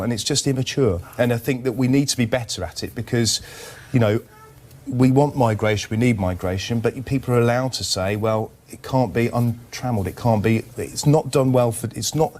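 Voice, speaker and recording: A male newspaper defence editor speaking in a TV news interview, with a halting delivery that restarts phrases. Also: lowish voice.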